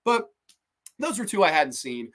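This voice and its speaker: A male horror podcast host chatting casually on a livestream. His voice sits a touch high, and he rants with plenty of swearing. He stammers and restarts whenever he gets heated. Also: a little slow. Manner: ranting, profane, animated, stammering restarts.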